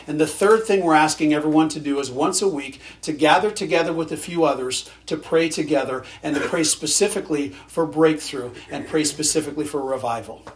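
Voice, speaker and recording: A man's voice: a little high, a little fast, hardly any pauses, a little hiss or hum. A male pastor preaching a sermon in a conversational way, with dry sarcastic humor.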